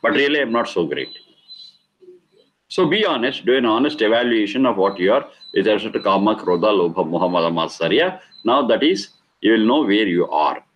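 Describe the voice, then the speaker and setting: A man's voice: fairly low pitch, animated, a little fast, muffled recording. A middle-aged man giving a spiritual discourse, stressing and repeating key words and explaining Sanskrit terms. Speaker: Vedic teacher.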